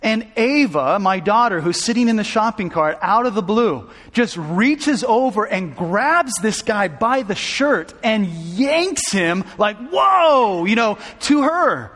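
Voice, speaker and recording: Delivering sermon storytelling in a hall with a long reverb tail, this Southern California pastor has a high, fairly bright voice. His personal story carries emotion, and he keeps restarting phrases as he builds intensity.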